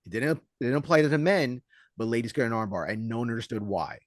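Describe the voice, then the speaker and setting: A man co-hosting a casual podcast as a judo coach, telling stories in an animated way and acting out what others said. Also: medium pitch, fast talker, no room sound, studio quality. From Southern California. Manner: animated storyteller, acts out quotes loudly.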